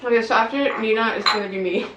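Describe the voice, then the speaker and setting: A higher-voiced young woman chats and laughs through a meal, reading out game questions between bites. The room is echoey, with steady noise behind her. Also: rapid-fire. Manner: giggly, reads out questions while eating. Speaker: host. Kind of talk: casual chat over a meal.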